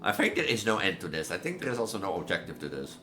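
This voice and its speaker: A man's voice: low-pitched, sing-song, quick pace, over music. A man casually commenting on a horror game he plays, rambling and musing aloud with many "like"s. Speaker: gameplay streamer. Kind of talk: casual let's-play commentary.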